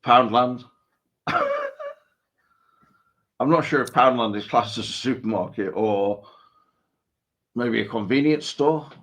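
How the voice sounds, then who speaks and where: A man's voice: medium pitch, takes it slowly, pauses often, a bit bright. A man co-hosting a casual live stream, joking and rambling over a call mic. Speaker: co-host.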